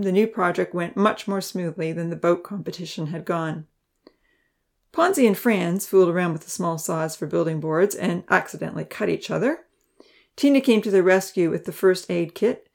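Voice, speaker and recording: A woman reading a children's chapter book aloud with steady, expressive narration. Her voice sits low with a noticeable gravelly fry. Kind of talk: storybook narration.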